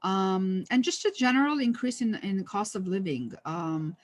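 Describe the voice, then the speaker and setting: A woman presents a training session in a loose, conversational way. She talks at a middle pitch, full of ums, uhs and restarts, and drops in the odd light joke. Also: lively intonation, moderate pace. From United States. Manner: conversational, many fillers and restarts; lightly humorous. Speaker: workshop trainer.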